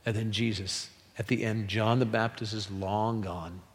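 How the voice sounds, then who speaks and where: A middle-aged man preaching a sermon as a pastor, emphatic, rising to loud pleas and dropping to hushed, solemn passages. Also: on the low side, steady tone, measured pace. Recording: long hall reverb.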